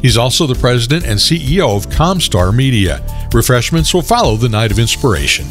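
A man announcing community events on the radio in a scripted, measured reading. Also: mid-range voice, big pitch swings, soft background music.

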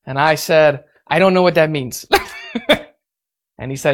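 A man pastor preaching a sermon, telling a story in an animated and self-mocking way. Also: fairly high pitch, normal speed, pauses often.

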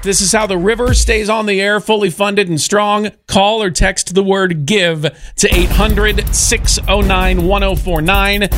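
A man hosting an on-air fundraiser, talking fast and excitedly in sing-song appeals. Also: high voice. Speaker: radio fundraiser host. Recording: music bed under the voice.

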